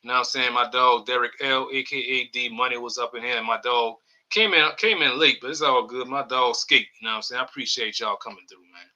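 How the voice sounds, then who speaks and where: Bright-voiced New man hosting a podcast. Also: mid-range voice, brisk, highs cut off. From New Orleans area. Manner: loose, rambling, reads chat comments aloud. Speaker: podcast host. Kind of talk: casual live-stream sports chat.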